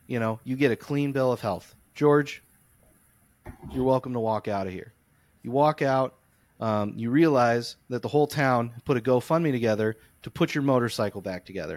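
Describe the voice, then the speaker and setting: A man's voice: medium pitch, no room sound. A young man co-hosting a podcast, telling a long comic story and ranting in casual chat. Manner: animated, comic storytelling, rants. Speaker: podcast co-host.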